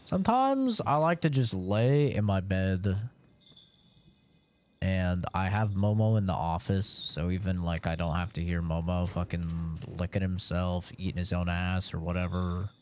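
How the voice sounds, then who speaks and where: A man's voice: low voice, expressive, measured pace, a little mellow, slight background noise. A man streaming a game, chatting casually in a profane, laid-back, rambling way. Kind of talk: casual chat while gaming.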